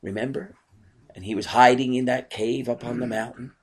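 A man's voice: mid-range voice, steady tone, normal speed, breathy edge. A man preaching a sermon in an earnest way, often asking rhetorical questions.

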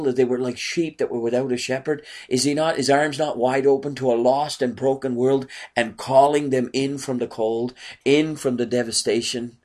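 An earnest man preaches a sermon. His voice sits at an ordinary middle pitch. He keeps asking his listeners rhetorical questions. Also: darkish tone.

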